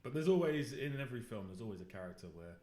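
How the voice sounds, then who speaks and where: A man's voice: mid-range voice, expressive, fast talker, a little mellow. A man co-hosting an interview podcast, musing in a conversational way. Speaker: podcast co-host. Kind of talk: casual interview chat. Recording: roomy echo.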